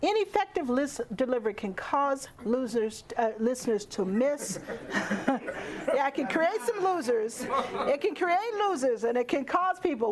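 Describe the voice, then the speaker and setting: A woman teaching public speaking to a live audience, animated and playful, laughing often and speaking into a handheld microphone in a lecture room. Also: sits high, moderate pace, a crowd in the background. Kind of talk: lively workshop lecture.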